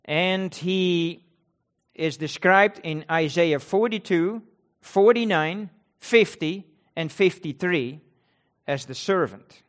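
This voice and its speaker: Emphatic male preacher, fairly high voice. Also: slow pace. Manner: emphatic, repeats key words, quotes scripture with rising intensity. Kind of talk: sermon.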